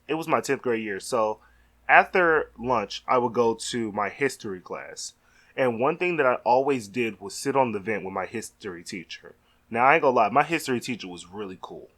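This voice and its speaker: A young man telling a storytime vlog, animated and exasperated, talking casually. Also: medium pitch. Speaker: vlogger.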